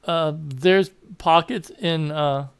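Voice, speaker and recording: A man's voice: on the high side, slow, creaky, clean tone, no room sound. A man with a Southern American accent giving a rambling political opinion monologue, often correcting himself and laughing at his own asides. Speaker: political commentator.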